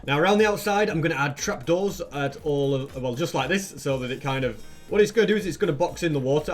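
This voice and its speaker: A young man narrating his own gameplay in a chatty way, asking viewers rhetorical questions as he goes. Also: on the high side. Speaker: Minecraft YouTuber. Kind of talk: gameplay commentary.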